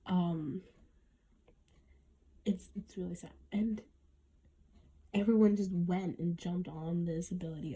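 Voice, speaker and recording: A woman's voice: fairly low pitch, a little slow, long pauses, dark tone, breathy edge. A woman hosting her own podcast, talking in an earnest, reflective way and often restarting her sentences. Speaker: podcast host. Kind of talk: casual podcast monologue.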